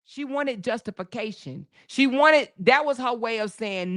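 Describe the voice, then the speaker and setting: A woman's voice: on the high side, animated, a little slow, hardly any pauses, a bit bright. Female host, casual drama commentary; AAVE, emphatic, profane, playful mimicry. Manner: sassy, emphatic, profane, acts out quotes.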